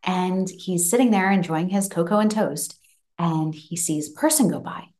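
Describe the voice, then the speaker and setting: Lady podcaster, kinda low voice, chatty and animated, telling a spooky home story. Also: moderate pace. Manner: animated, acts out the child's voice with laughs. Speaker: podcast host. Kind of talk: casual storytelling. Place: home office room.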